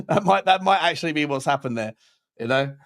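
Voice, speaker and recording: A man's voice: on the high side, expressive, fairly quick, a bit bright. A man hosting a casual fan chat show, blunt and opinionated, often stammering and restarting. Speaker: podcast host.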